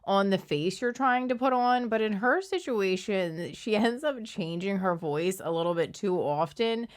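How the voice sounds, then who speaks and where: A woman's voice: mid-range voice, normal speed. A woman from Philadelphia with a Philadelphia accent, hosting a casual, opinionated commentary video. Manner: conversational, opinionated, analytical. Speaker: commentary channel host.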